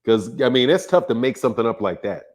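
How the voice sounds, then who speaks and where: A man's voice: medium pitch, very animated, quick pace, a little mellow. A man hosting a live boxing stream, chatting casually, laughing often and greeting viewers by name. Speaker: boxing channel host.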